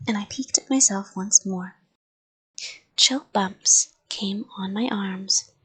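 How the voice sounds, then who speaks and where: A woman reading a children's story aloud in a soft whisper. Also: mid-range voice, slow, husky.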